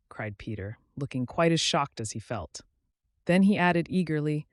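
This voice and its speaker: A man narrating a children's storybook in a clear, gently expressive reading. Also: medium pitch, normal speed, dry recording, clean studio sound. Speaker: audiobook narrator.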